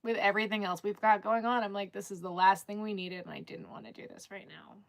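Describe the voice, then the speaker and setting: A woman's voice: mid-range voice, fairly even intonation, fast talker. A woman chatting casually on a live stream, rambling with lots of restarts and filler words.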